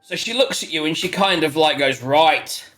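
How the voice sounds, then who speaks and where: A man's voice: on the high side, brisk, over a noisy crowd. A man narrating as game master of a tabletop role-playing game, laughing often and rambling through the scene. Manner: lively, giggly, rambling narration.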